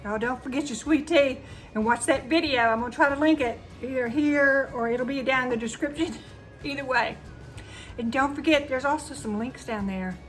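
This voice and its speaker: A woman with a Southern US accent hosting a cooking channel, talking casually and emotionally to her viewers. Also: fairly high pitch. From Southern United States. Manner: chatty and emotional, says y'all a lot. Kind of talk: casual chat to camera.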